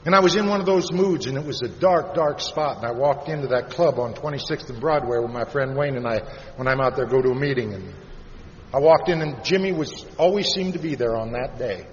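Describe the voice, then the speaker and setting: A man from Iowa giving a plain-spoken personal recovery talk to a live audience, turning soft and slow on the heavy parts. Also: medium pitch, lively intonation. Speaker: recovery meeting speaker. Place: large convention hall. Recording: dull, reverberant hall recording with faint hiss.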